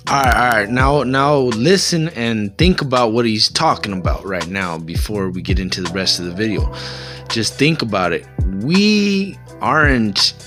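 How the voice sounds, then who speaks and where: A man's voice: lowish voice, normal speed. A man hosting a reaction video, talking back to a clip in an incredulous, emphatic way and swearing heavily. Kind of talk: profane reaction commentary. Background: background music.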